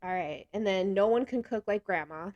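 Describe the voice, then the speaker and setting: A woman vlogger chatting casually to camera, animated and quick to laugh between remarks. Her voice sits in a middle pitch, and the recording is dry and close. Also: no room sound, dull audio. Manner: talks with hands a lot.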